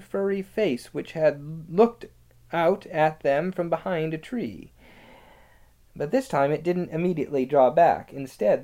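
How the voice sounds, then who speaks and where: Audiobook narrator, storybook reading, expressive, lively melodic voice. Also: mid-range voice. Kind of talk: scripted narration.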